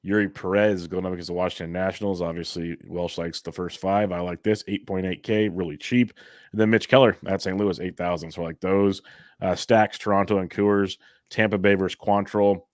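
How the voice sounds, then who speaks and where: Deep fast-talking male betting analyst. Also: steady tone, no room sound, studio quality. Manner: rattles off lists of picks and prices. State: exhausted. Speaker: fantasy baseball analyst. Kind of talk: quick betting picks and casual chat.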